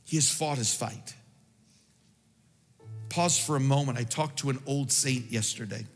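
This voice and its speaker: A man's voice: mid-range voice, fairly bright tone, long reverb tail. A man pastor preaching a sermon with impassioned delivery that swells toward near-singing peaks.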